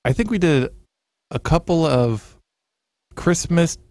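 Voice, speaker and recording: A man's voice: fairly high pitch, lively intonation, slow, a little mellow, no room sound. A man co-hosting a podcast, telling playful comic stories in a casual chat. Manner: jokey storyteller, playful with bits. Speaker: podcast co-host.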